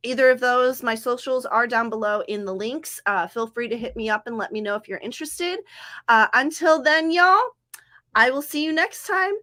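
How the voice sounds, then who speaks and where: Young woman, streamer, from southern california, rambling, self-correcting, bright tone. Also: a little high, normal speed. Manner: rambling, self-correcting, talks to chat by name. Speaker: livestream host of writing sprints. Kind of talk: casual livestream chat to viewers.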